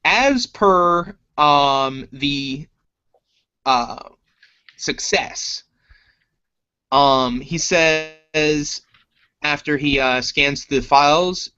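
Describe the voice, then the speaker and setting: Slow, rambling male game master. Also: a little high, sharp tone, smooth. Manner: rambling, many fillers. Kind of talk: narrating a tabletop game. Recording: dull lo-fi recording.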